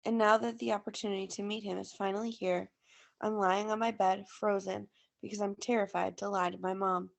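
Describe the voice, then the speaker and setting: A woman teacher reading a first-person novel aloud to a class in a steady storytelling way. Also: mid-range voice, brisk, gravelly.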